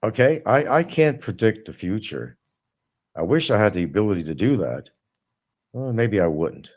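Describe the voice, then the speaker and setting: A man's voice: extremely low pitch, darkish tone. A middle-aged man hosting a live stream, talking casually and mocking someone with sarcasm. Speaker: livestream host. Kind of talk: casual livestream monologue.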